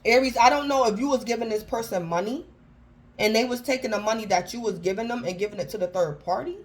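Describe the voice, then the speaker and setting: A woman's voice: fairly high pitch, fast, rough recording. A woman giving a casual tarot reading, talking informally and keeping up a running address to her listener by star sign. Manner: chatty, keeps calling out the sign by name; informal slangy phrasing with frequent restarts. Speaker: tarot reader.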